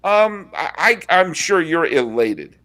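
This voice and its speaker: Wry, animated man hosting a sports podcast. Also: on the high side, slow pace. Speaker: podcast host. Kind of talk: casual sports podcast chat.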